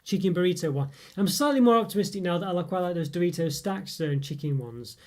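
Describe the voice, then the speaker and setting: High-pitched, animated and fast, this man runs a casual snack-review livestream. He responds to viewer comments in a rambling way, peppered with fillers and chuckles.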